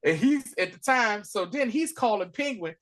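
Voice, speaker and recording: Guy on a podcast telling a tv episode, super animated, does all the voices. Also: sits high, moderate pace. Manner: animated storytelling, acts out characters. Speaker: podcast co-host. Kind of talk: casual TV episode recap.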